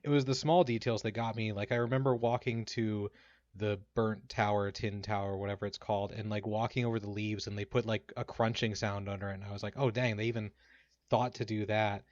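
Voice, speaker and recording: A man co-hosting a podcast in casual chat, animated and laughing often. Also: fairly low pitch, a little fast, no echo. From Minnesota. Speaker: podcast co-host. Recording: dull lo-fi mic.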